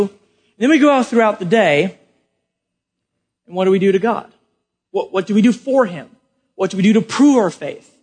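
A man preaching a sermon to a live congregation, swinging from loud emphatic questions to quiet explanation. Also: sits high, expressive, moderate pace, long pauses, husky. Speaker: pastor.

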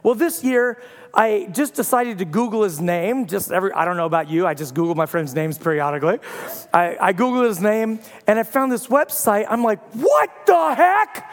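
A pastor in his thirties giving a sermon, telling a funny story with sudden loud bursts. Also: sits high, brisk. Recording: long hall reverb.

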